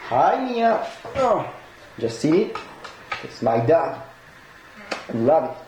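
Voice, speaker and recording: A man who is not a native English speaker, unboxing a collectible, excitable, laughing often and swearing in broken English. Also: on the high side, slow pace. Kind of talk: unboxing vlog. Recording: echoey room with noisy background.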